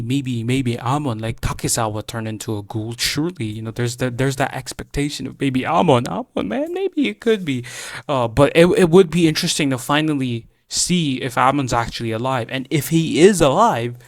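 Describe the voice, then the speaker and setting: A young man rants through an anime reaction in a mid-pitched voice, swearing and stumbling over restarts as he repeats himself for emphasis. The recording is dry and close, with no room echo. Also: expressive, moderate pace. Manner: heated, profane ranting with stammered restarts. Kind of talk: casual reaction commentary.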